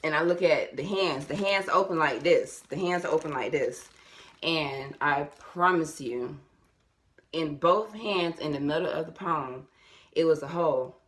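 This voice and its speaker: Low-voiced woman telling a story casually. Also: a little slow. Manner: animated, repetitive, addresses viewers as y'all. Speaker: vlogger.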